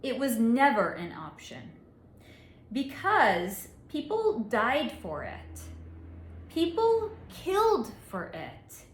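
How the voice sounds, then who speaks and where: A woman psychic reader telling a story in a monologue, with deliberate dramatic pauses and frequent laughs. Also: high-pitched, fairly bright tone. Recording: echoey room.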